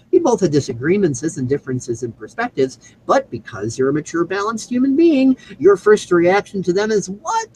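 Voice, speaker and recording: A man's voice: on the high side, slight background noise, poor audio. A man hosting a show, delivering an emphatic, preachy scripted monologue with casual profanity. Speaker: show host.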